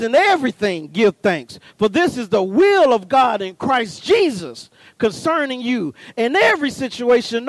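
Man, preacher, very high voice, fervent sermon, folksy and punchy, dry close sound. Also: dry recording. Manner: builds from calm teaching to fervent shouting; folksy, punchy, talks straight to the congregation.

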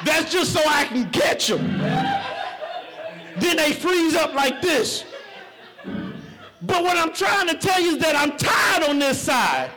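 Man, middle-aged, preacher, very high pitch, shouted emphasis, faint music behind. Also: very animated, slow pace, pauses often. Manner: preaching with shouted, rising emphasis and humorous personal stories. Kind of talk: sermon. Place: church.

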